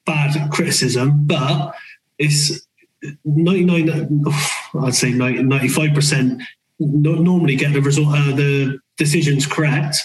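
A man chats as a podcast guest, rambling and hesitant with plenty of fillers. His voice is a little high. The recording is roomy, with a faint hiss underneath. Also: fairly even intonation, a little slow. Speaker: football manager, podcast guest. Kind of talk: casual podcast chat.

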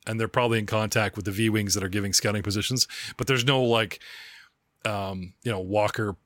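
A man's voice: fairly low pitch, steady tone, brisk, fairly bright tone, no echo, studio quality. A man hosting a podcast as game master, describing scenes in a chatty, rambling way. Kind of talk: running a tabletop game.

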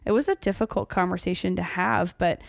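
A woman's voice: lowish voice, steady tone, fairly quick, creaky, no room sound, clean studio sound. A young woman in casual podcast chat, earnest, repeating words for emphasis.

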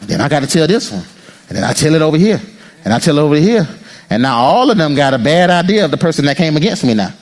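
Guy pastor preaching, high voice jumping all over, jokes around with the church. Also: fast talker. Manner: animated preaching, acts out congregants' inner voices; jokes and teases the congregation. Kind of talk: sermon.

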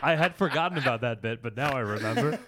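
Host, male, animated pitch, playful and quick to laugh. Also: heavy background noise. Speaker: podcast host. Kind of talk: casual chat.

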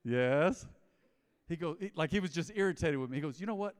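Pastor, male, somewhat high voice, animated storyteller preaching in a big reverberant sanctuary. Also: fairly quick, clear, resonant tone. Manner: storytelling, animated, acts out dialogue. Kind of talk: sermon. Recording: long hall reverb.

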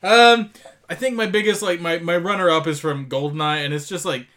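A man's voice: fairly high pitch, brisk, a bit bright. A man in casual chat, blunt, opinionated and profane.

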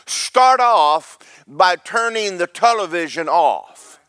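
Pastor, high tenor, preaching sermon with big dynamic swings, close dry mic. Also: male voice, expressive, dry recording. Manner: preaching with swings from loud and slow to quiet and quick.

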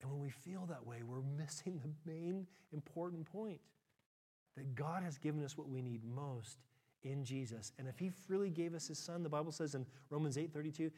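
Male pastor, middle-aged, slightly high-voiced, expressive sermon delivery with dramatized quotes. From United States. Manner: animated preaching, acts out quotes with big pitch leaps, shifts from quick to slow.

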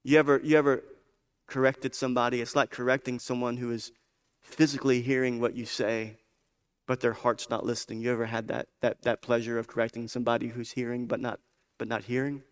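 A man's voice: medium pitch, flat delivery, brisk, smooth. A man preaching a sermon, building emphasis through repetition and direct questions to the congregation. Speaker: pastor.

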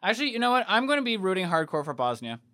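A man's voice: sits high, very animated, very fast, pushed and bright. A man co-hosting a casual podcast in a radio studio, talking in a laid-back way. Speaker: podcast co-host and editor. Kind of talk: casual chat.

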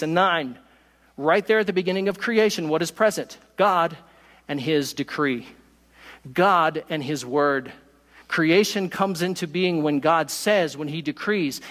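High-voiced preacher in a reverberant hall. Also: male voice, a bit bright. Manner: emphatic preaching, pace shifting from quick asides to slow stresses. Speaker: pastor. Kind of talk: sermon.

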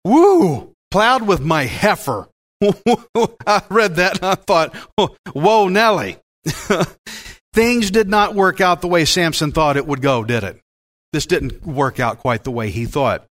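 A man preaching a Bible-teaching sermon as pastor, in a folksy, joking and animated way. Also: a little high, takes it slowly.

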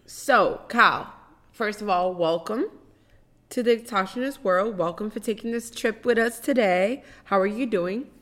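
A woman hosting a podcast, speaking slowly and deliberately with pauses and restarts. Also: mid-range voice, fairly bright tone. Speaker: podcast host.

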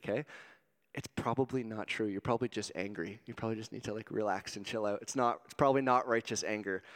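A man preaching a sermon as a youth pastor, animated and joking, swinging between loud exclamations and hushed asides. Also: a little high. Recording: long reverb of a hall.

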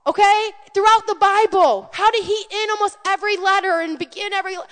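A woman's voice: very high-pitched, brisk, few pauses. A woman pastor preaching a conversational sermon, telling stories with animation and calling out to the congregation. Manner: animated storytelling, calls out to the congregation. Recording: long hall reverb.

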